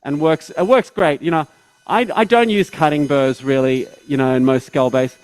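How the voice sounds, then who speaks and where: A man's voice: a little high, steady tone, moderate pace, soft background music, poor audio. A man, a surgeon, giving step-by-step teaching commentary during a live operation, often checking in with tag questions.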